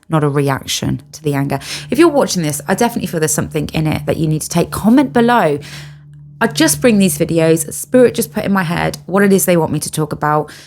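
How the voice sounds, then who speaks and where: A woman's voice: deep voice, darkish tone. A middle-aged British woman talking earnestly to camera about spiritual healing, stressing and repeating her key phrases. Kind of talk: casual monologue to camera.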